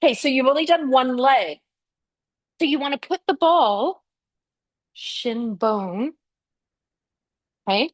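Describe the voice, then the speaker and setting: A woman's voice: high-pitched, lively intonation, slow pace, pauses often. A woman teaching a yoga and fascia class. She guides and encourages her students in a chatty way, with frequent "yeah" and "okay". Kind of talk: guiding a live yoga class.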